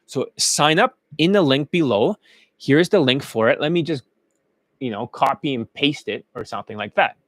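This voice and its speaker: A man's voice: mid-range voice, animated, moderate pace, a bit bright, no echo, studio quality. Brash, profane dating coach, man. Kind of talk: casual promotional monologue.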